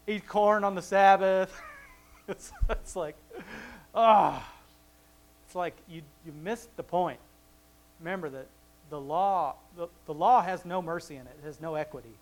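A man reading scripture aloud and explaining it in a relaxed, conversational teaching style, with chuckling asides and frequent restarts. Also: a little high, normal speed, rough recording. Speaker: Bible teacher. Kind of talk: casual Bible study teaching.

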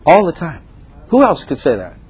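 An older man preaching a sermon to a congregation, animated and exhorting, often acting out prayers in his own voice. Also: a little high, moderate pace, breathy edge.

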